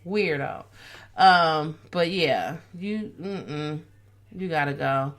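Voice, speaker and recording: A woman's voice: low-pitched, drawn-out words. Chatty woman podcast co-host. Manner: chatty storytelling, animated retelling. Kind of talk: casual chat.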